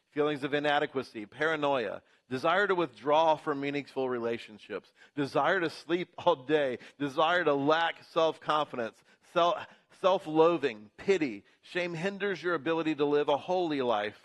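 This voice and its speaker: A pastor preaching a sermon in church, building emphasis through rhythmic repetition. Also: male voice, a little high, fairly bright tone.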